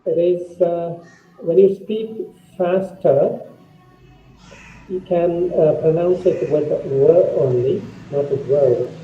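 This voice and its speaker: An older man with an Indian English accent leads an online English lesson, patient and unhurried. His voice sits a little high for a man, and he drills words slowly and carefully. The sound is thin and phone-like, with echo from his room. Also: soft background music. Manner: slow, patient, addresses students as dears. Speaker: retired English teacher. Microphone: video call. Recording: echoey room over a tinny call line.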